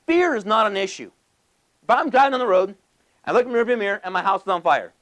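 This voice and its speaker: High-voiced, passionate male motivational speaker. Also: a bit bright. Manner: passionate and emphatic, with rapid-fire lists and rhetorical questions. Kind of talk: motivational business speech to a live audience.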